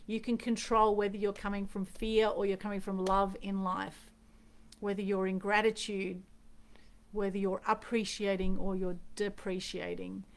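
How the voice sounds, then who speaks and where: A woman's voice: medium pitch, flat delivery, moderate pace. Earnest Australian woman live-streaming. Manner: earnest, reflective, repeats phrases for emphasis. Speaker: host. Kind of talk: unscripted Facebook Live chat.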